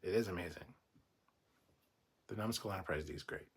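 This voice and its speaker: Reading out viewer comments on his laid-back livestream, this host rambles, cusses freely, and launches into rants. He talks fairly quickly in a deep, husky voice.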